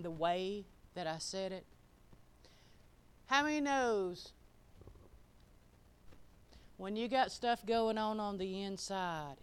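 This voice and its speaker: A middle-aged woman preaching a sermon in a folksy, emphatic way, swinging from loud declarations to quiet, chuckling asides. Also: mid-range voice, smooth.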